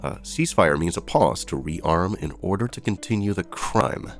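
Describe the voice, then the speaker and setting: Low-voiced man reading the news. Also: animated, normal speed, soft background music. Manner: reads headlines then adds sarcastic asides. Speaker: news commentator. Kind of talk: casual news commentary.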